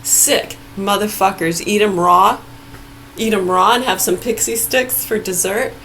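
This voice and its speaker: A woman's voice: mid-range voice, moderate pace, a bit bright, slight background noise. A woman on a swearing, angry rant, laughing between outbursts.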